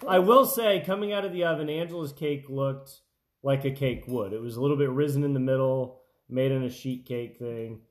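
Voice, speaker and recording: A man of medium pitch, speaking at normal speed, hosts a family baking taste test in a home kitchen. His talk is casual, full of fillers and restarts.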